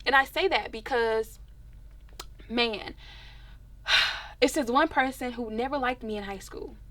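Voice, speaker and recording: Young female singer, interview guest, high voice, dry close sound, expressive storyteller. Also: measured pace, no echo. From Dallas, Texas.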